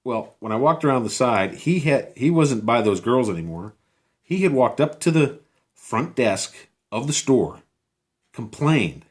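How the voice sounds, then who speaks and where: A man's voice: mid-range voice, lively intonation, measured pace. A man vlogging outdoors, telling a personal story casually, rambling with many fillers and restarts, sounding incredulous.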